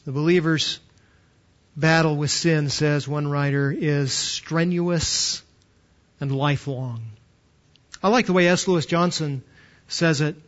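A man's voice: fairly high pitch, fairly even intonation, slow pace, pauses often, lo-fi sound. A man in his fifties, a pastor preaching a sermon with emphatic stresses and rhetorical questions.

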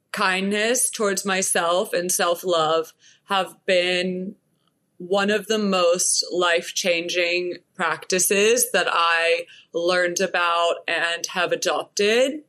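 A woman from Texas, a business and mindset coach, speaking as a podcast guest in a reflective, measured and gently reassuring way. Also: medium pitch. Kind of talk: podcast interview.

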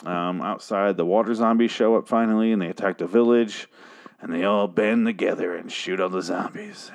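A man with a fairly low voice recaps a TV episode in a loose, rambling way. He is sarcastic and swears freely, tossing in asides and restarting sentences as he goes. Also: normal speed, gravelly. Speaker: show recap host. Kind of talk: casual profane TV recap.

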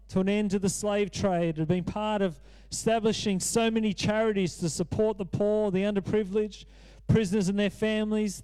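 A man's voice: high voice, dark tone, smooth. A man in his thirties preaching a sermon as pastor, earnest and repeating phrases for emphasis.

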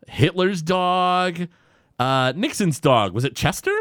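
A man chatting casually on a podcast, retelling a cartoon episode with lots of fillers and quick quoted bits. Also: sits high, animated, a bit bright, dry recording, studio quality. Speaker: podcast host.

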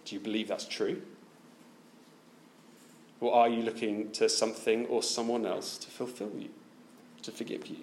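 A man's voice: lowish voice, level tone, moderate pace, pauses often, darkish tone, slight background noise. A man preaching a sermon, asking his listeners many direct questions.

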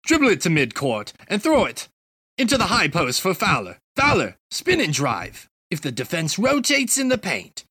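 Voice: medium pitch, huge pitch swings, bright, forceful tone, husky, no echo, heavily acted. A podcast host voicing a male basketball coach who barks out a play, with an accent that keeps drifting. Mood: commanding. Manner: barking quick instructions, shifting accent.

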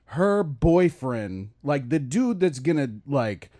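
A man's voice: fairly high pitch, very animated, slow pace, warm tone. A man co-hosting a casual podcast chat. He rambles and stammers through his points. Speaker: podcast co-host.

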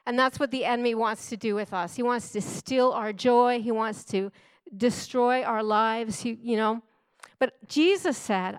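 A woman's voice: a little high, moderate pace, clear, resonant tone, dry recording. A middle-aged woman preaching a sermon in an earnest, emphatic way, repeating key phrases for stress.

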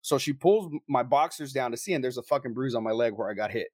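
A young man telling a story to friends in a casual, profane, animated way, acting out what people said. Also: mid-range voice, fast, no echo, studio quality. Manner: profane, animated storyteller who acts out quotes. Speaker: paranormal investigator telling a story.

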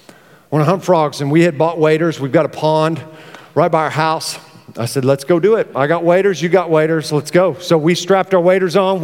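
A middle-aged pastor, preaching a lively sermon and acting out his stories. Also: high-pitched. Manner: animated, storytelling with acted-out exclamations. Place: church hall. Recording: reverberant church hall.

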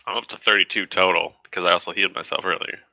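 A man's voice: low-pitched, fairly even intonation, quick pace, gravelly, bright, forceful tone, poor audio. A young man playing a tabletop game, wry and laid-back, often laughing. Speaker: player. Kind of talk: casual tabletop game chat.

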